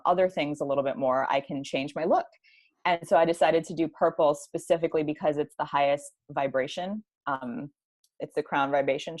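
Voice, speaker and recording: A woman's voice: deep voice, dry recording. A young woman from Hawaii, a podcast guest talking openly and reflectively in long, flowing sentences about her daily life. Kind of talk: casual interview conversation.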